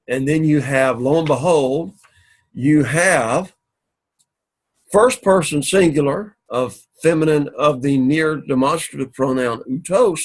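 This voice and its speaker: A man giving a recorded classroom lecture as a Greek teacher, explaining slowly and repeating points methodically. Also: a little high.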